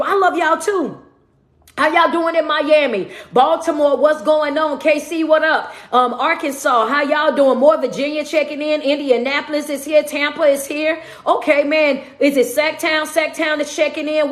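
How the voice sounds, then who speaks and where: High-pitched hype woman on a livestream. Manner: energetic, hype, shouting out viewers. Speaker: motivational speaker and life coach. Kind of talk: livestream greeting viewers and motivational talk. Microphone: phone livestream. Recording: echoey room.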